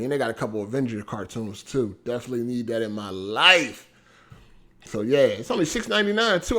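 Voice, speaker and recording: A man chatting casually on a gaming stream, animated and profane, laughing often and swinging from loud bursts to mumbles. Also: medium pitch. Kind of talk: casual livestream chat.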